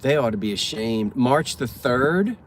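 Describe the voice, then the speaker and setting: A man's voice: medium pitch, animated, a little slow. Give me a casual man reading bad jokes from his car seat, light background hum. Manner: chatty, self-mocking, stumbles over words. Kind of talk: casual chat from a parked car. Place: inside a car.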